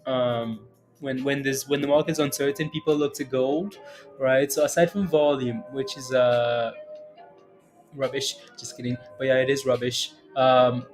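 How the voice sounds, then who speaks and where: A man with a mid-range voice hosts a casual day-trading livestream, walking through charts and fielding chat questions. He speaks at a measured pace in a steady tone, rambling with plenty of fillers and frequent chuckles while faint music plays behind him.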